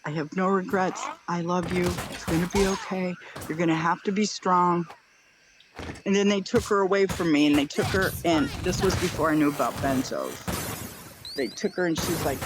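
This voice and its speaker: A middle-aged woman giving a personal testimony, telling her story earnestly in long run-on sentences with many repeated phrases. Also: mid-range voice. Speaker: near-death experience storyteller. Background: clear background music.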